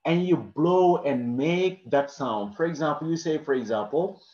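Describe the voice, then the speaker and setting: A man teaching English pronunciation to a class, repeating each example word slowly, in non-native English with small grammar slips. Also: on the high side, darkish tone. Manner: repeats words slowly to model them. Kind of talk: classroom lesson. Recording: roomy, dull-sounding classroom recording.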